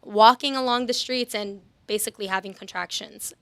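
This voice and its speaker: A woman's voice: mid-range voice, steady tone, moderate pace, fairly bright tone, clean tone, no echo. A woman in her twenties from New Jersey, chatting as a podcast guest, laughing easily and correcting herself mid-sentence. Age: 20s. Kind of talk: casual testimony chat.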